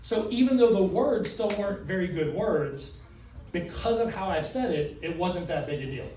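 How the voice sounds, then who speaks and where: A high-pitched man leads a training class, animated and quick to quiz the people in front of him. He is caught from across an echoey room, with a faint hum of room sound behind him. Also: recorded from a distance. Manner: animated, asks the room questions. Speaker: sales trainer.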